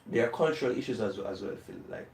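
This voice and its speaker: Man from jamaica, very deep voice, thoughtful, hesitant, interview answer, distant mic, echoey room. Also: lively intonation, fast talker, darkish tone, a little hiss or hum. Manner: thoughtful, hesitant, many fillers. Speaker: interview guest.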